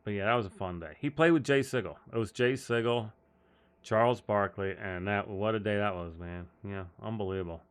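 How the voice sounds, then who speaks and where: A man's voice: on the low side, fairly quick, clean tone. A man hosting a live golf stream, telling stories in a loose, rambling way and laughing often. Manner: rambling storyteller, many restarts and laughs. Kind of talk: casual live-stream chat.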